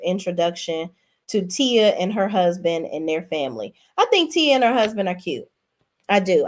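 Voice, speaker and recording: A woman giving a casual recap of reality TV episodes, sassy, blunt and profane, with animated emphasis. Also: medium pitch. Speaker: reality TV reviewer.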